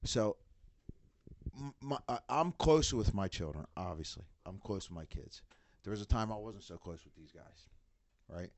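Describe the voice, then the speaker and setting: A middle-aged man in casual podcast chat, an animated storyteller who acts out what others said. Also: lowish voice, normal speed. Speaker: band member, father of bandmates.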